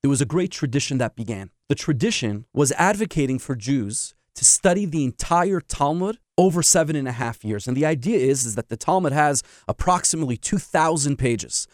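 A man's voice: on the high side, expressive, moderate pace, hardly any pauses, darkish tone, dry recording, clean studio sound. A man, a rabbi, giving a sermon full of stories and emphatic rhetorical questions. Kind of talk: sermon with storytelling.

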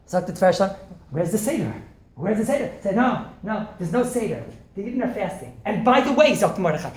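Fast-talking man giving an animated sermon. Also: sits high. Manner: animated, asks rhetorical questions and jokes. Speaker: rabbi giving a holiday talk. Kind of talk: informal Torah talk. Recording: echoey room with faint noise.

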